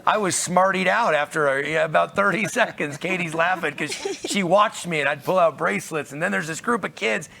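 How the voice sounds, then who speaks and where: A man's voice: high voice, fairly quick, creaky, hardly any pauses, bright, forceful tone, a little hiss or hum. A man hosting on a convention stage, talking with upbeat enthusiasm and often repeating himself as he restarts phrases. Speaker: convention emcee.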